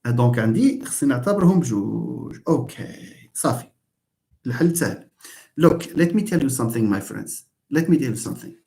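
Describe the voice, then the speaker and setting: A middle-aged man with a Moroccan accent giving a live online linguistics lecture, switching between English and dialect Arabic and slowly modelling sounds. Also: mid-range voice, expressive, creaky, mellow.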